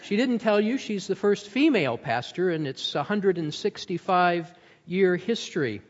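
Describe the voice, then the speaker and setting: A man with a notably high voice introduces guests from a stage with formal courtesy. The sound carries a long hall echo and a dull, muffled tone. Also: lively intonation, unhurried. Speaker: moderator. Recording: distant echoey hall, muffled.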